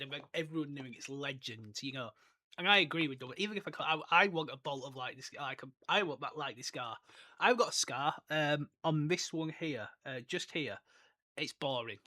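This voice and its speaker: A man's voice: on the high side, a little fast, bright, forceful tone. A man hosting a podcast, chatting loosely about a book, rambling and laughing at his own jokes. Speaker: podcast host. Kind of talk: casual book discussion with read-aloud passages.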